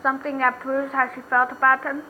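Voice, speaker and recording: A woman's voice: high-pitched, monotone, brisk, muffled recording, slight background noise, natural voice. Woman playing a cheerful young sidekick girl. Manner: cheerful, teasing.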